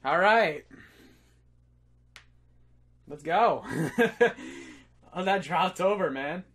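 A man's voice: sits high, animated, drawn-out words, fairly bright tone. A young man casually commentating a game on a livestream, swearing freely and calling his viewers dude and guys. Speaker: streamer. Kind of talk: excited gaming livestream commentary.

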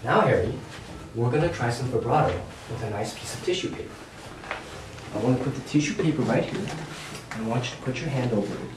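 Calm male instructor, roomy distant sound. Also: medium pitch, fairly quick. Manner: calm, gently directive. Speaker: music instructor. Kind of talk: step-by-step instruction. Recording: roomy echo, distant mic, background hiss.

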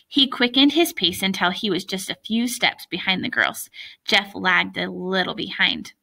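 A woman reading a children's book aloud, with lively, chatty asides to young listeners. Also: medium pitch, moderate pace, vocal fry. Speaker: reader.

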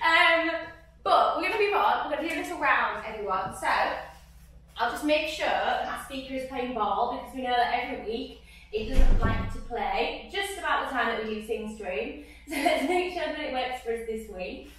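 A woman's voice: sits high, lively intonation, moderate pace, a bit bright. A woman leading an online group singing lesson, cheerful and chatty, laughing as she sings and claps along. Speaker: music session leader. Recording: echoey room, from far off the mic.

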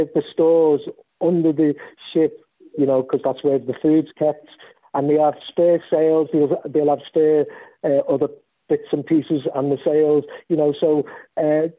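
A man casually telling stories about volunteering on a sailing ship, rambling with many restarts. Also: a little high. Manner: rambling, animated when storytelling. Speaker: guest speaker. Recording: tinny phone-like line.

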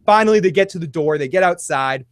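A man hosting a casual recap show and taking calls, talking in an excitable, rambling way and swearing a lot. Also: on the high side, fast. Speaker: podcast host taking calls.

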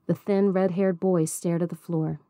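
A woman reading a novel aloud in a measured, even storybook narration. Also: fairly low pitch, dry recording, clean studio sound. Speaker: audiobook reader.

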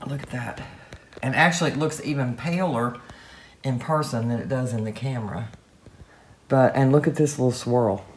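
A woman's voice: rumbling low, normal speed, pauses often, a little mellow, slight background noise. A woman craft artist talking casually to her camera while she works, gushing and exclaiming with delight. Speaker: craft artist showing her paint pour. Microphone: camera mic, camera moved by hand at times.

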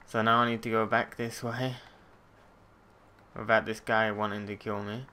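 Bright-voiced man grumbling at a game. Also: fairly low pitch, little pitch movement, normal speed. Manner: swearing, frustrated muttering at the game. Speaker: let's play gamer. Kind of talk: casual gameplay commentary.

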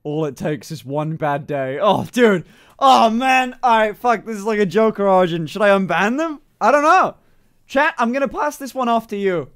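A man streaming casually to his chat, swearing freely, laughing often and breaking into loud excited outbursts. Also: sits high, normal speed. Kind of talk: casual live-stream reaction.

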